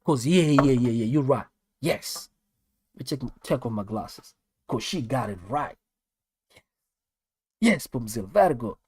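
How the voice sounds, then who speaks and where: A man's voice: mid-range voice, unhurried, pauses often, breathy edge, dry recording. A man with a South African accent teaching a live online maths lesson, repeating each step and talking straight to his viewers. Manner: animated, repeats steps, talks straight to viewers. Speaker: maths tutor.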